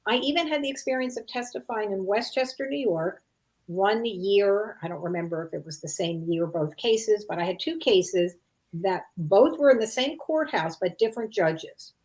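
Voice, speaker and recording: A woman's voice: medium pitch, lively intonation, normal speed, a little mellow. Thoughtful woman explaining in an interview. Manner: thoughtful, quotes parents' lines as examples, frequent "you know" and "like". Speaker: expert guest on parental alienation. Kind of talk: conversational interview answer.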